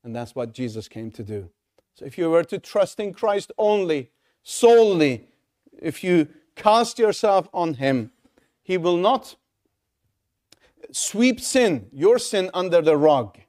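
A man's voice: high voice, sing-song, slow pace, darkish tone. A man preaching an evangelistic sermon in a church, urgent and pleading, with many rhetorical questions.

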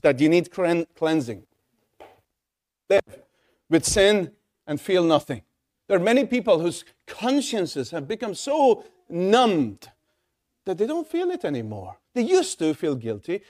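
Animated, earnest male preacher. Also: high-pitched. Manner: earnest, pleading, with many restarts and repeated words. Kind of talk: sermon.

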